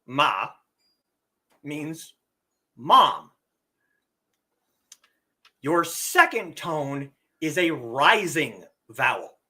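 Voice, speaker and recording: A man giving a live-streamed lesson, explaining slowly and deliberately and drawing out his spoken examples. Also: fairly high pitch, very animated, bright, forceful tone. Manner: reads viewer comments aloud. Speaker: teacher and streamer.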